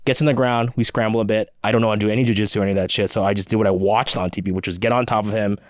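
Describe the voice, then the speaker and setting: A man guest on a podcast, telling a story in an animated, quick way and laughing often. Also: on the low side, no room sound, studio quality. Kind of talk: casual storytelling chat.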